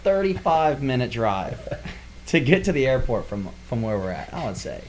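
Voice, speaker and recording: A man's voice: medium pitch, very animated, moderate pace, a little mellow, slight background noise. A man co-hosting a podcast, telling a story in casual chat and acting out his own reactions. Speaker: podcast co-host.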